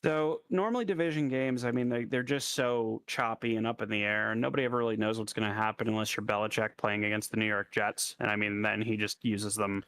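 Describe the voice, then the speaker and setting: A man co-hosting a casual sports podcast, relaxed and wry, laughing along with his partner. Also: on the low side, brisk, few pauses, clear, resonant tone, no echo. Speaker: podcast co-host.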